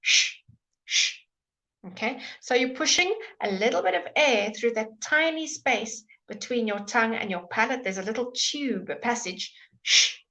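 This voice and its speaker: A woman's voice: a little high, moderate pace, few pauses, sharp tone. A woman teaching English pronunciation in a live online lesson, patiently modelling sounds and encouraging questions.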